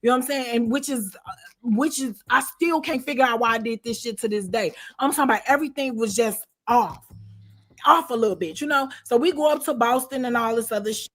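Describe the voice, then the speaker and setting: Speaking briskly on the high side with a bit of brightness, a woman being interviewed recounts a long tale in slangy, casual fashion. She frequently checks on her listener with "you know what I'm saying."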